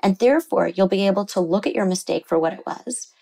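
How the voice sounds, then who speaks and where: A middle-aged woman therapist explaining things earnestly in an interview, lively when she quotes people. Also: mid-range voice, quick pace, gravelly, rough recording. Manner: earnest, explanatory, animated when quoting others. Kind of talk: interview conversation.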